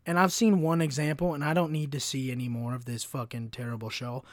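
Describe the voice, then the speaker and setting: A man's voice: medium pitch, level tone, brisk, no room sound, studio quality. A man in his twenties hosting a solo podcast, telling heated, profane stories full of slang. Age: 20s. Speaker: podcast host.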